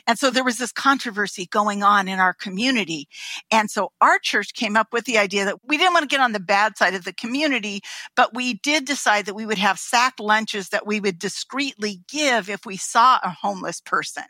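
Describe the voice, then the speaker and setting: Give me a lively woman podcast guest spinning an anecdote, dry close sound. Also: medium pitch, fairly quick, no room sound. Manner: animated, laughs often, acts out voices. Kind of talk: anecdotal storytelling.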